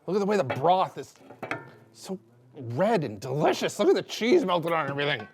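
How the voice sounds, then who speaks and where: Male cooking host, young adult, excitable, joking, rambling, slightly high pitch, studio kitchen. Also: normal speed. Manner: hyped, rambling, joking, laughing between lines. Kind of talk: casual on-camera cooking chatter.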